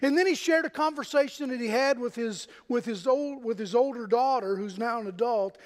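High-voiced man preaching in an echoing hall. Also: fairly quick. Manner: conversational, folksy, asks the congregation questions. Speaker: pastor. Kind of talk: sermon.

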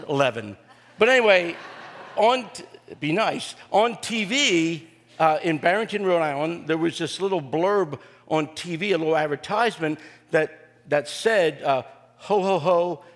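An older male pastor with a slightly high voice delivers a homespun sermon full of humor and filler pauses. His voice rings with the long reverb of a large hall. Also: a bit bright. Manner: folksy and joking, with frequent "uh" fillers. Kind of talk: sermon with personal storytelling.

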